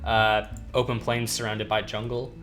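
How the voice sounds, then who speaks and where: A man's voice: fairly low pitch, flat delivery, moderate pace, a bit bright, faint music behind. A young man giving casual, rambling commentary while playing a game, chatty and gushing over what he sees. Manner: rambling, chatty, gushes over cute dinosaurs. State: hiccuping. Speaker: gaming YouTuber.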